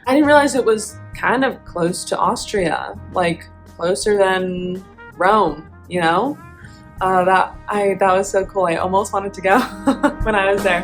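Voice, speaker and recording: A woman's voice: medium pitch, a little slow, faint music behind, low-quality recording. A young adult woman, an opera singer, hosting a casual vlog and chatting in a rambling way with frequent laughs.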